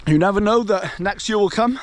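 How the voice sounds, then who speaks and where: A young man with a fairly high voice gives an earnest pep talk, a little out of breath from the climb. He is filmed outdoors on a camera held as he walks. Soft hiss sits faintly under his words. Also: brisk. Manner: earnest, motivational rant. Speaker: travel vlogger. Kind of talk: walking vlog monologue. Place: outdoors on a hillside walk in the rain.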